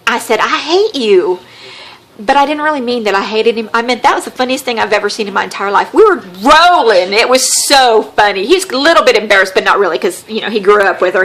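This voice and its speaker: A woman with a Southern American accent tells a story on her podcast. She talks in a casual, wry way, acting out the people she quotes. Her voice sits in a middle pitch. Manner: animated, wry storyteller who acts out quotes. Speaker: podcast host.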